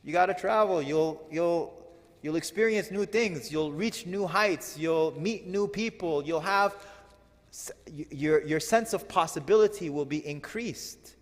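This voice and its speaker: A man giving a religious lecture on classical poetry, animated and firing rhetorical questions at his audience. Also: on the high side, unhurried, long reverb tail. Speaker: religious teacher.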